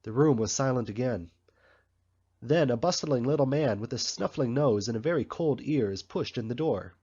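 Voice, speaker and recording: A man narrating an audiobook in a measured, even storytelling manner. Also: mid-range voice, husky. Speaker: audiobook reader. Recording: slightly muffled recording.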